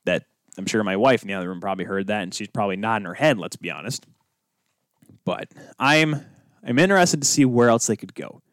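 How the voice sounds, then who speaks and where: A man's voice: on the low side, lively intonation, fairly quick, a bit bright, no echo, clean studio sound. A man hosting his own sports podcast alone, talking casually and drifting off on tangents with self-deprecating asides. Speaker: podcast host. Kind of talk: solo podcast monologue.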